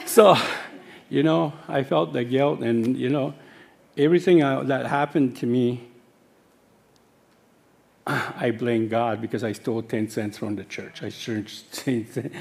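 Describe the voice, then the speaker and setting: Older guy telling his life story, gravelly, lots of uhs and restarts. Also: mid-range voice, a little mellow. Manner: halting, with many fillers and self-corrections. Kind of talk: personal testimony.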